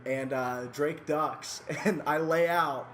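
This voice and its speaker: A man's voice: on the high side, fairly even intonation, slow pace, fairly bright tone, a little hiss or hum. A man on a podcast, telling a backstage story in a loose, casual way, laughing often between bits. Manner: laughs often mid-story, lots of fillers. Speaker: podcast co-host.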